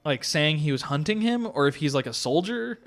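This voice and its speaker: A man's voice: a little high, animated, moderate pace, fairly bright tone. A man streaming a game live, commenting casually with frequent swearing and laughter.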